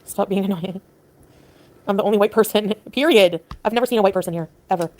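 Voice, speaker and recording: A woman's voice: medium pitch, fast, a little mellow. Subdued woman venting on a livestream. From Canada. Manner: subdued, venting, talks to chat. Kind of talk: casual livestream chat.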